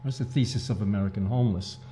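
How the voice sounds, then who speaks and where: Male guest author, mellow and dark, earnest, hammers home his points. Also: on the low side, fast, soft background music. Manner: earnest, emphatic, repeats key points. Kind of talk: interview talk.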